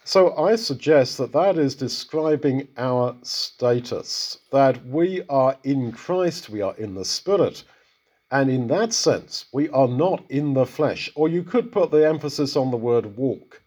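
A man's voice: medium pitch, expressive, unhurried, darkish tone, husky. A man giving a conversational Bible exposition, talking through a passage and putting rhetorical questions to his listeners. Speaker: Bible teacher.

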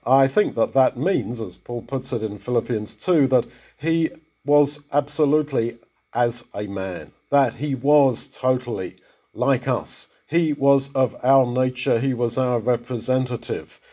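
A man teaching from Scripture in an easy, conversational way, often turning to put questions to his listeners. His voice is husky and mellow, with a dark, relaxed tone. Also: medium pitch, unhurried. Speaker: Bible teacher. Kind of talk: conversational Bible exposition.

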